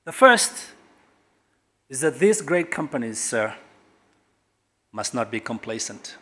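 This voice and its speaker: A middle-aged man from Kenya, a government guest speaker at a corporate launch, speaks emphatically and swings sharply between loud and quiet. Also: mid-range voice, very animated, slow pace. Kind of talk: public speech at a corporate launch.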